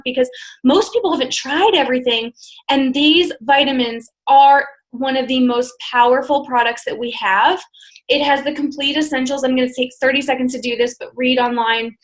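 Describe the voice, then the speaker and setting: A woman who is a registered nurse, hosting a team call's news segment with energy, stressing key words slowly and emphatically. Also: sits high, rough recording.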